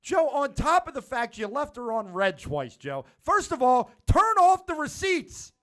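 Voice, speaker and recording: A man's voice: extremely high pitch, wildly swooping pitch, moderate pace, fairly bright tone. Teasing man. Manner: mock-lecturing, teasing, repeats names. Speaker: podcast co-host. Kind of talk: casual podcast banter.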